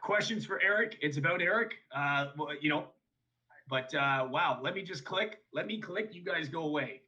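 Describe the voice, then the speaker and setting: A man's voice: on the high side, animated, normal speed, bright, forceful tone, dull audio. A man hosting a livestream, flustered and laughing while trying to get people on. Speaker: stream host. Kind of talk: casual chat.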